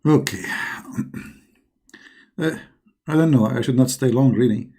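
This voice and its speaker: A man's voice: mid-range voice, measured pace, warm tone, husky. A middle-aged man and online commentator giving a sarcastic, scoffing monologue in loosely built, non-native English. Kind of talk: mocking religious-critique monologue.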